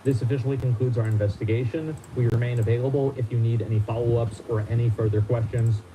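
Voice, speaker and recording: A man reads a formal letter aloud on a stream. He keeps stopping for halting, disbelieving comments. There is clear noise under his voice. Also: mid-range voice, fairly even intonation. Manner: halting, incredulous asides. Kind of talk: reading a statement aloud with commentary.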